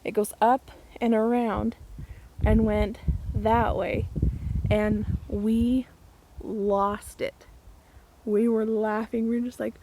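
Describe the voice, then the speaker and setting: A woman's voice: a little high, little pitch movement, slow pace, long pauses, dark tone, poor audio. A woman vlogger casually telling a funny story to the camera, outdoors in her garden, chatty and laughing as she goes.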